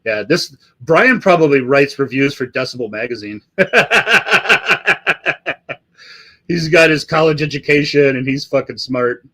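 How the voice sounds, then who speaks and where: A man's voice: mid-range voice, normal speed, few pauses, a bit bright. A middle-aged man hosting a live stream, chatting loosely and swearing in nearly every sentence after a few drinks. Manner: profane, rambling, swears constantly. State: has been drinking. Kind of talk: casual live-stream chat.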